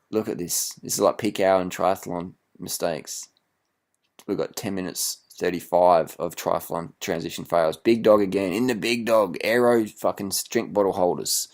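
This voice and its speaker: A man, a cycling vlogger, giving mocking, profane reaction commentary on a video and laughing often. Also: low-pitched.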